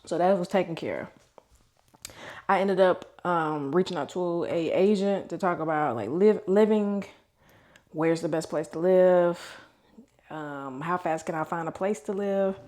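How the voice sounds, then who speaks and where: A woman in her thirties speaks in a fairly low voice in a casual personal vlog. She is candid and open, venting her frustrations and swearing without a second thought. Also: measured pace, dark tone. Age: 30s. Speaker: vlogger.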